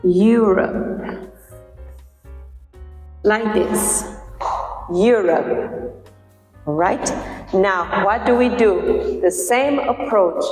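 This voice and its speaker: A woman teaching a pronunciation lesson, patiently explaining and slowly repeating words to model their sounds. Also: medium pitch, darkish tone. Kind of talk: slow, deliberate lesson explanation. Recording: echoey room with long reverb, faint music.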